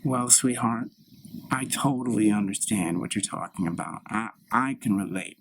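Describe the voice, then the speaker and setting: A man's voice: on the low side, moderate pace, slight background noise, lightly acted. A man doing a soothing, probing mother. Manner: soothing, therapist-like questioning. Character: gentle middle-aged mother, soothing and probing. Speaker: improv performer. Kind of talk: solo improv scene.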